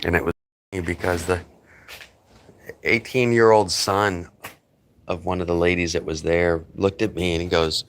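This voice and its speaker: Middle-aged male streamer with a low, deep voice; loose rambling chat with faint room hiss behind. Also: fairly even intonation, unhurried, pauses often. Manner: rambling, talkative, greets viewers by name. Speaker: livestream host. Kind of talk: casual livestream chat.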